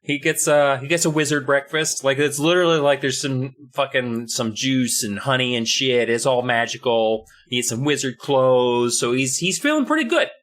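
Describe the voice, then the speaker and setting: A man's voice: mid-range voice, normal speed, few pauses, fairly bright tone. A young man co-hosting a podcast, recapping a story in a profane, rambling, jokey way. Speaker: podcast co-host. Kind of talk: casual comedic recap.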